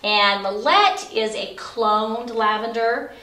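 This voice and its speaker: A woman's voice: a little high, takes it slowly, sharp tone. A middle-aged woman teaching about essential oils in a chatty, explanatory way, with frequent fillers, recorded in an office. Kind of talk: casual instructional talk. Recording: echoey room, far from mic.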